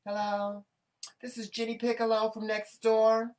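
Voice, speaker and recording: A man's voice: sits high, completely flat delivery, unhurried, darkish tone, slight background noise, pitched above the performer's own voice. A man voicing a fussy, nosy middle-aged neighbor woman who tattles breathlessly, heard from a slightly distant mic. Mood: tattling.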